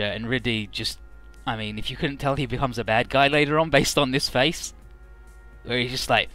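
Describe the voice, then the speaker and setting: Bright-voiced joking game commentator, man. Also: medium pitch, moderate pace, smooth, faint music behind. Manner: joking, rambling, paraphrasing characters. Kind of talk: casual playthrough commentary.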